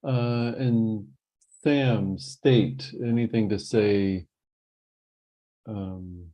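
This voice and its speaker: A man chairing a virtual meeting, halting and full of fillers, over a video call. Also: lowish voice, mellow. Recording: dull lo-fi call audio.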